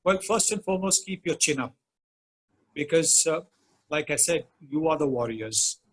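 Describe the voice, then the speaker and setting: Older male guest speaker, chatty anecdotal delivery, higher-pitched. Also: moderate pace, poor audio. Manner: animated anecdotes with many fillers. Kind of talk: storytelling in a webinar chat.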